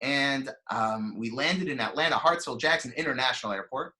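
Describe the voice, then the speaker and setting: A young man giving a storytelling sermon as a rabbi, animated and chatty, acting out voices and using lots of fillers. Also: medium pitch, moderate pace. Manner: animated, acts out quoted voices, frequent fillers. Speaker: rabbi giving a weekly Torah talk.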